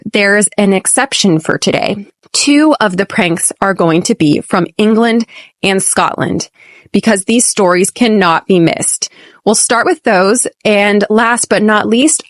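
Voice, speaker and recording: An American woman hosting an English lesson podcast, speaking clearly and deliberately and modeling phrases slowly for repetition. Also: mid-range voice, dry recording, clean studio sound. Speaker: podcast host and English teacher.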